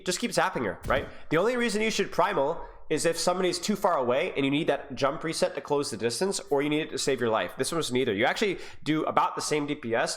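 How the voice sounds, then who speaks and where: A man's voice: on the high side, fairly bright tone. A man who is sick, coaching a player through a gameplay review in an exasperated, teasing way, his voice climbing when frustrated. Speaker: game coach.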